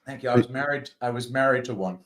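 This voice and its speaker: A man's voice: mid-range voice, fast talker. A man co-hosting a podcast in casual, joking, laid-back banter. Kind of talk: casual chat.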